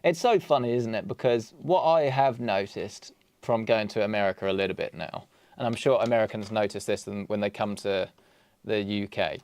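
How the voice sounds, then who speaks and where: Working through a PC build on a livestream, this young Englishman keeps up casual, self-deprecating chatter and jokey asides in an English accent. His voice sits on the low side, a little mellow, moving at a moderate pace, and there's no echo.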